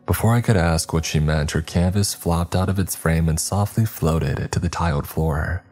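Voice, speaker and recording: A man narrating a scripted horror story with measured, dramatic storytelling. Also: deep voice. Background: soft background music.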